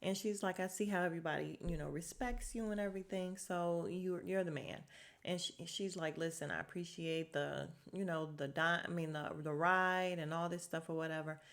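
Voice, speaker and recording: With a fairly low, fairly bright voice and fairly even intonation, this podcast host speaks at normal speed. She chats casually through a TV episode recap, acting out scenes in quoted voices.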